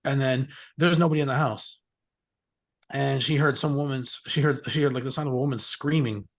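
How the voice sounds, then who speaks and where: A man's voice: medium pitch, steady tone, brisk. Rambling, cussing man telling stories. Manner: rambling, profane, laughs often. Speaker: interview guest, musician. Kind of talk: casual storytelling.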